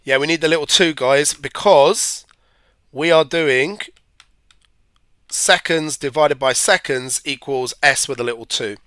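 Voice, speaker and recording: A man's voice: fairly high pitch, measured pace, sharp tone, no room sound, clean studio sound. Chatty man teaching physics. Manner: chatty, rambling, asides to viewers. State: hay fever. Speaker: physics tutor. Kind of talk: live-stream exam revision lesson.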